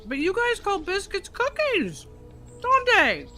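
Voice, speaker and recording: A woman's voice: extremely high pitch, wildly swooping pitch, slow, sharp tone, soft background music. A woman chatting casually on a gaming stream, playful and teasing.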